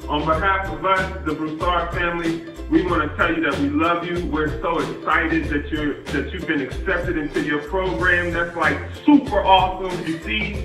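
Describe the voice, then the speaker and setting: A man's voice: a little high, far from the mic. A man recording an upbeat, encouraging video message on behalf of his family. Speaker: family member sending a message. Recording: roomy, off-mic, music behind.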